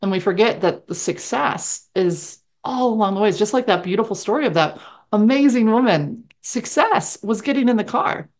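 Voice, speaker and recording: A woman's voice: mid-range voice, animated, moderate pace, a little mellow. A woman hosting a casual podcast conversation, affirming her guest and reflecting on coaching practice.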